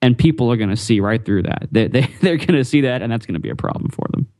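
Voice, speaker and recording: A man chats casually on a tech podcast, thinking out loud with lots of ums and repeated words. His voice sits in the middle range and is recorded dry and close. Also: medium pitch, lively intonation, fast talker, dry recording. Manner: rambling, repeats words, frequent fillers.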